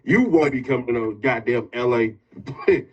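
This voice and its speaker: A man's voice: medium pitch, expressive, moderate pace, husky. A man from Los Angeles in a casual livestream argument, defiant and threatening. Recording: dull lo-fi livestream audio.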